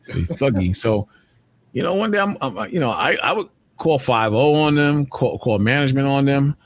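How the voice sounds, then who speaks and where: A man chats casually, telling stories. His pitch swings widely, and he bursts into raised voices when he acts out other people. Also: moderate pace, a little hiss or hum. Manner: animated, acts out street dialogue in raised voices. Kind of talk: casual chat, storytelling.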